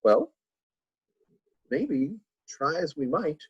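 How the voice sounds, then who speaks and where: A man's voice: lowish voice, animated, normal speed, a little mellow, husky, dry recording, muffled recording. A man teaching a church Bible lesson in a playful way, full of jokey asides to his listeners.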